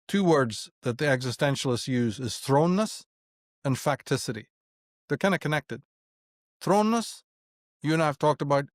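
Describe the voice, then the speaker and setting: Being interviewed, a middle-aged man discusses philosophy emphatically and profanely, firing off rhetorical questions. His voice is a little high, captured in studio quality without echo.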